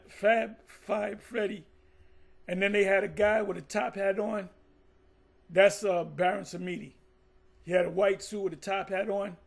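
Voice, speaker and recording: Gravelly, husky man ranting casually. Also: high-pitched. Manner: profane, mocking, rambling with restarts. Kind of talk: heated casual commentary.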